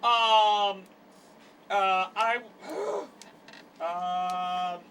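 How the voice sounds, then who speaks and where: A man playing a tabletop game, excitable and prone to shouting out his turns. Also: sits high, unhurried, distant mic, a little hiss or hum. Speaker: player. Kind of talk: casual game play.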